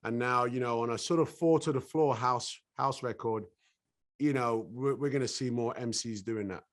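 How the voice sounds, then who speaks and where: Middle-aged British man, laid-back guest, easy laugh, mid-pitched voice. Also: normal speed. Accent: British English. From England. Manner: relaxed, laughs easily, slips into voices. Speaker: actor guest. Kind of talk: casual interview chat.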